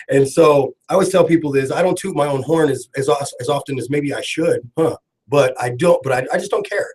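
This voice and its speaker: Male talk radio host, husky and slightly high, rambling storyteller in the studio. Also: a little fast, low-quality recording. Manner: rambling, laughing, animated storytelling.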